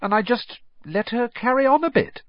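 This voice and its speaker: A man voicing a clever, bossy teenage schoolgirl in an audiobook reading, with a brisk, precise manner. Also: very high-pitched, expressive, dry recording, voice pushed up. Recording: dry, slightly muffled.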